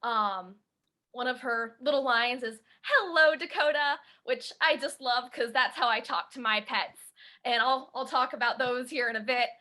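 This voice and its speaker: A woman's voice: a little high, fairly even intonation, moderate pace, pushed and bright. A young woman audiobook narrator chatting casually in an interview, giggly and full of fillers.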